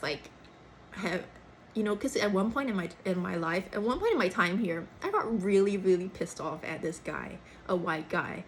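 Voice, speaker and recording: A young woman from Singapore with a Cantonese-tinged, third-culture Singaporean English accent, talking in a chatty, animated casual way. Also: medium pitch, slight background noise, low-quality recording. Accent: Singaporean English with Cantonese influence, third culture. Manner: chatty, animated, frequent "like" and "lah". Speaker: actor. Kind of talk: casual chat.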